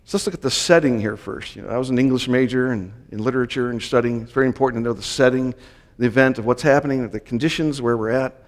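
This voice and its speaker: A man's voice: medium pitch, fast. A man giving a Bible teaching sermon to a Messianic congregation, explaining the text and raising his voice to read scripture. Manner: explanatory, reads scripture aloud with raised emphasis. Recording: long hall reverb.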